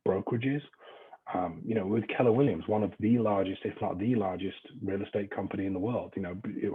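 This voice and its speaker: A man's voice: fairly low pitch, breathy edge, narrow, tinny audio. A man with an English accent leading a real estate training class in a chatty, informal way, swearing now and then. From England.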